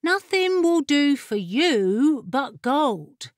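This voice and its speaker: A woman's voice: sits high, sing-song, drawn-out words, dry recording, studio quality, pitched above the performer's own voice, full character voice. A woman voicing a small, haughty female dragon in an audiobook, with a prim, sniffy manner. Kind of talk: audiobook character voice.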